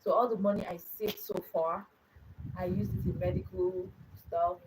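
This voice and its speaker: A woman's voice: fairly low pitch, steady tone, normal speed, far from the mic, noisy background. A young adult woman hosting her own channel, telling a personal story in an earnest way, repeating phrases for emphasis. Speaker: channel host.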